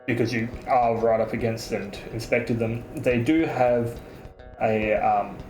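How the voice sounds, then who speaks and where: A man from Australia narrating a tabletop game as dungeon master, with a halting style full of fillers. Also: mid-range voice, steady tone, darkish tone. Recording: echoey room with faint music.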